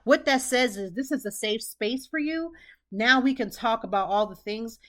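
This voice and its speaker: A middle-aged woman from Pennsylvania in the United States hosts a podcast, offering casual advice in an earnest way and repeating phrases for emphasis. Her voice is fairly high-pitched and her pace is moderate.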